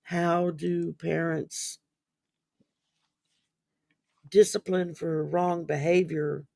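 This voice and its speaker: A man with a fairly high, gravelly voice talks through a topic in a loose, rambling way, full of ums and restarts, and sounds sleepy. The recording is close and dry. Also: level tone, drawn-out words, warm tone, no room sound. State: sleepy, yawning. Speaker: podcast host. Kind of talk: casual mental wellness discussion.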